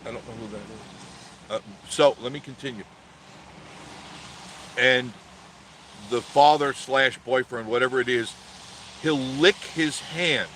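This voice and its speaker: A man's voice: medium pitch, a little slow, long pauses, a bit bright, slight background noise. A man hosting a casual vlog, telling a story in a rambling way with many restarts and self-corrections. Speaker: channel host.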